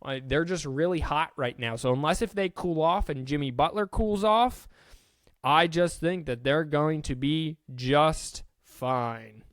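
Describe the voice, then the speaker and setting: Guy doing a solo sports podcast, fairly high voice, smooth, dry close mic, chatty and joking at himself. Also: measured pace, fairly bright tone, no room sound. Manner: chatty, self-deprecating, with restarts and stumbles over names. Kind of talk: casual solo sports rundown.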